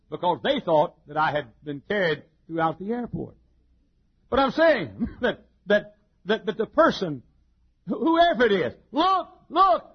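In a sermon, a male pastor preaches in a folksy, joking style, chuckling often and swinging between loud and soft. His husky voice is high and leaps widely and lively in pitch, and the recording is dull and lo-fi.

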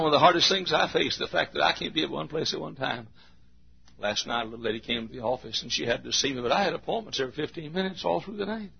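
A pastor preaching a sermon, swinging from loud shouted passages to quiet, intimate talk. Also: male voice, on the high side, creaky, breathy edge, lo-fi sound.

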